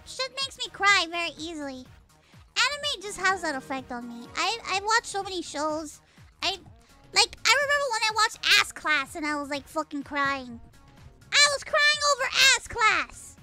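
A woman's voice: very high voice, very animated, moderate pace, sharp tone, soft background music. A young woman streaming live, hyper and playful, with squealing outbursts and lots of swearing. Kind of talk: casual live-stream chat.

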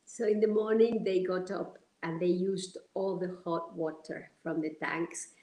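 A woman from Argentina, telling stories as an interview guest in an animated, halting way with many fillers. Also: fairly low pitch, echoey room, low-quality recording. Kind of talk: storytelling in an interview.

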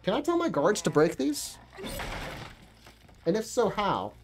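A woman streamer talking to herself through a game, profane and animated, thinking aloud. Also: mid-range voice, a little slow, slight background noise. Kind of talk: gaming livestream commentary.

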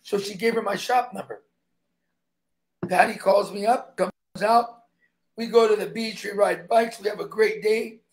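A man's voice: sits high, steady tone, unhurried. A man who is a stuntman, guesting on an interview and telling emphatic stories in which he acts out the dialogue.

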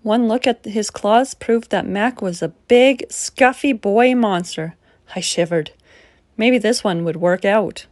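A woman reading a children's picture book aloud as a storyteller, unhurried and gentle. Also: mid-range voice, dry recording, studio quality.

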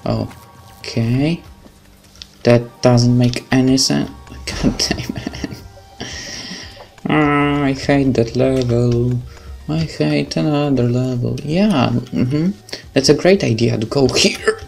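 A man's voice: medium pitch, takes it slowly, vocal fry, darkish tone. A man with a Polish accent, a gaming video creator who swears a lot and vents in sarcastic, angry outbursts during commentary. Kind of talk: frustrated gameplay commentary. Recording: faint game music behind.

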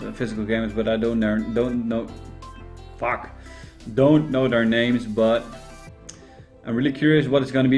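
A man hosting a reaction video, rambling and swearing freely as he chats. His voice sits at a middling pitch, with faint music behind him. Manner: loose, profane, rambling. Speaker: reaction channel host. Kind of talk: casual reaction commentary.

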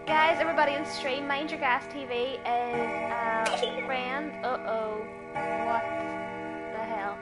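A woman streaming a horror game live, hoarse and laughing often as she chats to viewers and a friend. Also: on the high side, steady tone, takes it slowly, loud music behind the voice. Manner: giggly, chatty, talks to viewers. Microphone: earpiece headset.

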